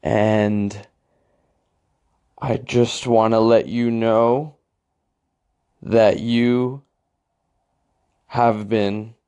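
A man's voice: fairly low pitch, little pitch movement, extremely slow, pauses often, dark tone, smooth, dull audio. A man voicing a rejection letter as an awkward, rambling young man, overly casual and fumbling. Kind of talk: comedic impression.

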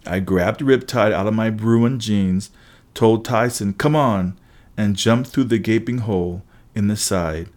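A man reading an audiobook aloud with steady, brisk storytelling. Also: on the low side. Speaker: audiobook narrator. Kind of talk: scripted audiobook narration.

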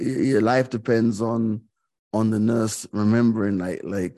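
A man's voice: fairly low pitch, vocal fry, warm tone. A middle-aged man, a guest on a podcast, telling a personal story candidly and reflectively, repeating phrases and using many fillers. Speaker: guest, DJ and radio host.

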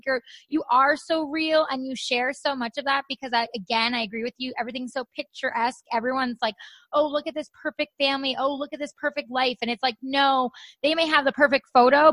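A young woman hosting a casual chat, talking warmly and filling her speech with "like". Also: high-pitched, no room sound. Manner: chatty, says "like" constantly. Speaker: podcast host.

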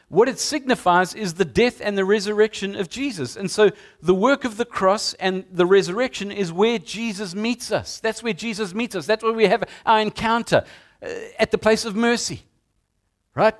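A man's voice: high voice, normal speed, a bit bright. A male pastor preaching a sermon in a conversational way to his congregation in a church. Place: church sanctuary.

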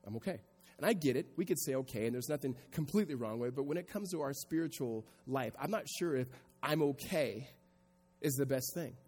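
A pastor preaching a sermon to a congregation, moving from quiet reflection to raised, emphatic delivery. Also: male voice, medium pitch, fast, few pauses, long reverb tail. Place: church sanctuary before a congregation.

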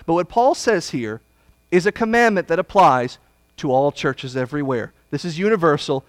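A man preaching a Bible study sermon, blunt and folksy, swinging from loud emphasis to hushed asides. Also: a little high, expressive, normal speed, no echo.

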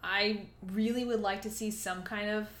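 A woman's voice: medium pitch, normal speed, roomy sound. A woman co-hosting a podcast in casual chat, swearing freely and acting out scenes with sound effects. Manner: profane, animated storyteller who mimics sounds. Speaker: podcast co-host.

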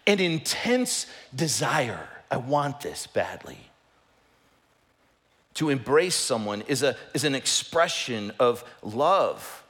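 A middle-aged man preaching a sermon as pastor, passionate and emphatic, often lifting his voice close to a shout. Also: mid-range voice, very animated, takes it slowly.

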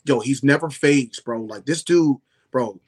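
A young man, a former football player, telling stories in a slangy, animated way, saying "bro" and "yo" constantly. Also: mid-range voice, unhurried, slightly rough. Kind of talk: casual storytelling chat.

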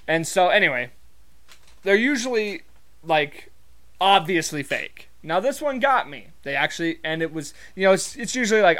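A man's voice: a little high, lively intonation, moderate pace, a bit bright. A man from Montana telling a rambling, profane story in a casual, wry monologue full of fillers.

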